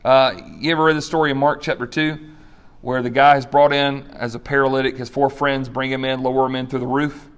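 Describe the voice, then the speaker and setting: A man's voice: medium pitch, little pitch movement, fairly quick, smooth. A man preaching a sermon, telling stories with acted-out voices and brief laughs. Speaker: pastor.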